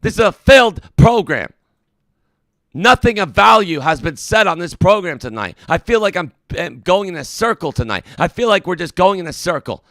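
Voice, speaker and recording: A man's voice: high voice, big pitch swings, moderate pace, sharp tone, dry recording, studio quality. A man hosting a comedic mock call-in hotline, indignant, preachy and exasperated with his callers. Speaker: call-in show host.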